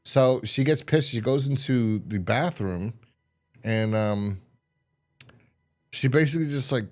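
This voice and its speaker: Animated man retelling a TV episode. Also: mid-range voice, measured pace, faint music behind. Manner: animated storytelling, laughing and mimicking characters. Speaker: podcast co-host reviewing a TV episode. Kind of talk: casual chat.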